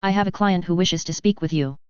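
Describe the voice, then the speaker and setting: Woman reader doing a courteous, smooth-spoken man fixer, low, dry audiobook sound. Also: fairly quick, dry recording, highs cut off, close to an everyday voice. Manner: calm, formal and courteous. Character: polished man fixer, cautious and cultured.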